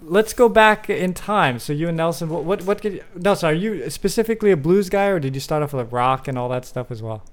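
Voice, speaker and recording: A man hosting a casual talk show, relaxed and rambling with fillers. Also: on the high side, fairly quick, hardly any pauses. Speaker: podcast host. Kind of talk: casual chat.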